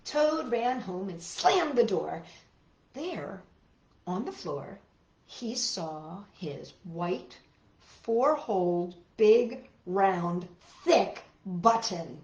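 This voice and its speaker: A woman reading picture books aloud for children in an animated, sing-song way, chatting to young listeners between stories. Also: mid-range voice, drawn-out words, roomy sound. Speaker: children's story reader.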